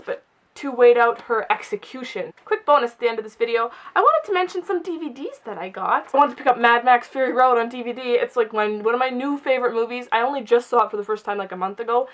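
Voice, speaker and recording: Young woman, bubbly book vlogger, high-ish voice, chatty and excitable. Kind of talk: casual chat to camera.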